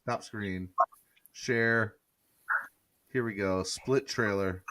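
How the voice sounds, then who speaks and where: A man's voice: on the low side, very slow, fairly bright tone, no echo. A man hosting a casual sports podcast livestream, playful and hyping up his audience. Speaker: podcast host.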